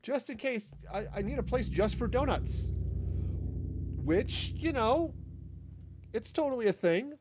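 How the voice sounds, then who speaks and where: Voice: mid-range voice, expressive, a little slow, long pauses, darkish tone, a little hiss or hum. A gaming streamer in their forties chatting casually while playing, rambling into asides and silly puns.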